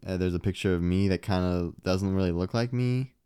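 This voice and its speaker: Smooth-voiced laid-back young man. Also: sits low, fairly quick, dark tone, dry recording, studio quality. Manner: laid-back, joking, swears freely. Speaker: podcast co-host. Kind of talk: casual chat.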